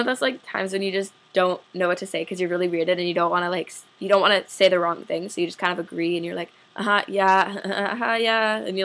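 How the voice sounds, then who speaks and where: Ranting to camera in a storytime vlog, this young adult woman is fired-up, swears a lot and says "like" constantly. Her voice sits on the low side with a slightly bright tone.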